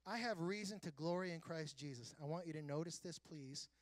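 A high-pitched male pastor delivers an earnest sermon, his voice pushing up and getting louder as he presses a point, with sarcastic asides along the way. The recording is dry and close, with no room sound around him. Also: brisk, no echo. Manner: earnest preaching with self-described sarcastic humor; builds to loud, high emphatic passages.

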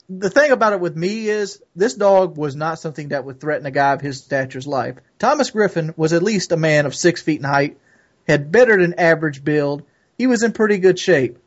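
Man, opinionated chat, argumentative, profane, dull lo-fi audio. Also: fairly high pitch. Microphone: call audio.

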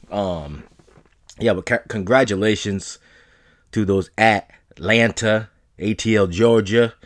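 Profane, rambling podcast host man. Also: on the low side. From northern New England. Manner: profane, rambling, jokey bravado. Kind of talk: casual podcast monologue.

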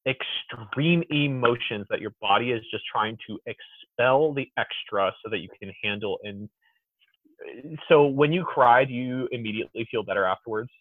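A man as a podcast guest in casual chat, an animated, exuberant storyteller. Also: medium pitch, normal speed, no echo. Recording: tinny phone-like dry sound.

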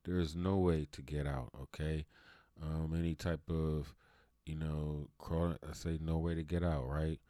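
Low-voiced man venting in a loose ramble. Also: level tone, unhurried, warm tone, dry recording, clean studio sound. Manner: venting, loose and repetitive, full of "you know" fillers. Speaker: show host. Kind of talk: casual rambling monologue.

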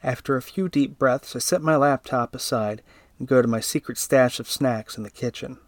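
A man's voice: mid-range voice, moderate pace, no room sound. Man reading a story, dry close sound. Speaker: narrator. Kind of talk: first-person story reading.

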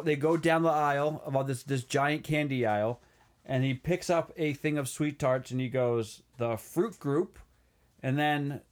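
A man co-hosting a podcast, casually retelling movie scenes. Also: medium pitch. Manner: relaxed storytelling, quotes scenes. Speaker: podcast co-host. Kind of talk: casual movie recap chat.

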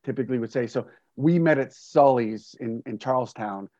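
A man, a grandfather, hosting a casual interview, speaking earnestly and haltingly with many fillers and restarts. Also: medium pitch, dark tone, dry recording. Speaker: podcast host. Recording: dull, dry lo-fi sound.

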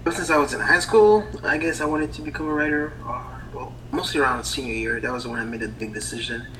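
A man's voice: a little high, fairly even intonation, fast talker, noisy background. A man in his thirties from Haiti, a writer guest on a podcast, speaking hesitantly with many ums and laughing easily. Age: 30s. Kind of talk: casual podcast interview.

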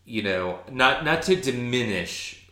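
A man co-hosting a podcast, chatting casually and excitedly as he recaps a TV episode, with many restarts and ums. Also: medium pitch, slow pace, echoey room. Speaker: podcast co-host.

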